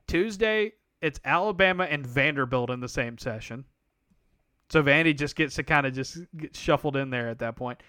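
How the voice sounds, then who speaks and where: A man co-hosting a casual sports podcast, talking in an animated, sarcastic way with mock-outraged asides. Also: medium pitch, normal speed, clean tone, no echo, studio quality. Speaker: podcast co-host.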